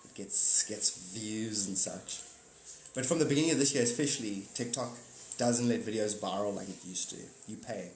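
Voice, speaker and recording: A man's voice: lowish voice, normal speed. A man hosting a casual live stream, rambling and joking, swearing now and then and acting out silly voices. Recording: echoey room with faint noise.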